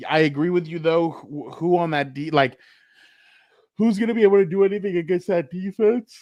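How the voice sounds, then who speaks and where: Animated man telling a sports story. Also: high voice, fairly quick, dry recording, highs cut off. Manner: animated storytelling, acts out quotes, profane. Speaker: co-host. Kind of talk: casual sports chat.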